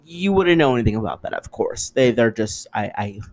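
A young man hosting a solo podcast, ranting in an exasperated, sarcastic way and swearing freely, jumping between loud outbursts and muttered asides. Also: mid-range voice, very animated, fairly quick. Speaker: podcast host.

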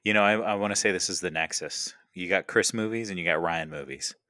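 A man's voice: sits low, fairly quick, sharp tone, no echo, studio quality. A man co-hosting a casual movie podcast, upbeat and joking in easy banter. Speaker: podcast co-host.

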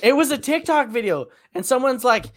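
A man co-hosting a casual podcast chat, animated and cursing casually. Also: very high voice, dry recording, studio quality. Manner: animated, swears casually, quick reactions. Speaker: podcast co-host.

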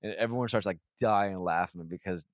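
A young man with a low voice tells a rambling, profanity-heavy story in casual podcast chat. He restarts sentences constantly and slips into quick impressions of the people involved. The sound is close and dry. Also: no echo. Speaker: podcast host.

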